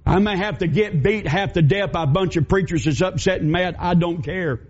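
Pastor, high-pitched, folksy and fiery, dull lo-fi sermon recording. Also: male voice, normal speed, hardly any pauses, slightly rough.

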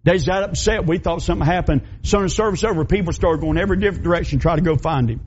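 A man's voice: a little high, racing, darkish tone, a little hiss or hum. Folksy preacher man, muffled sound. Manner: folksy, emphatic, repetitive phrasing. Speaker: pastor. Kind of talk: sermon storytelling. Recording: dull lo-fi recording.

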